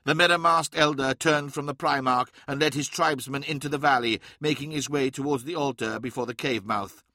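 A man reading an audiobook in a measured, dramatic way. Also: mid-range voice, steady tone, sharp tone, no room sound, studio quality. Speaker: narrator. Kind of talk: scripted audiobook narration.

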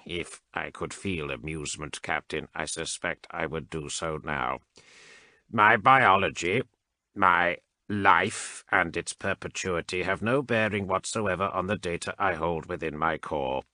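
Cold mechanized male cyborg priest, voiced by a male narrator; very deep, sharp edge, calculating. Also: no echo. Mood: cold, detached. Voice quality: flat mechanical delivery. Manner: measured, clipped, unhurried formal speech. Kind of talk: audiobook character reading.

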